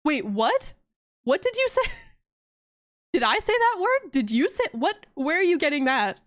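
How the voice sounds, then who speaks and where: Giggly high-voiced woman streamer. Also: very animated, unhurried, fairly bright tone, no echo, studio quality. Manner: giggly and playful, often laughing. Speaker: game streamer. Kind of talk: casual gameplay commentary.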